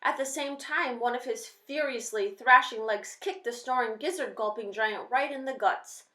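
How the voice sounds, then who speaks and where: A woman reading a children's novel aloud with steady, expressive storytelling. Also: on the high side, normal speed. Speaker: reader. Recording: roomy echo.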